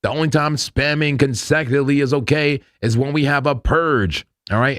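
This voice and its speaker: On his crypto trading livestream, this host chats casually in slang about the market, frequently laughing as he walks through charts. His voice is medium-pitched and fairly bright, at a normal speed, with no room sound and a clean studio quality.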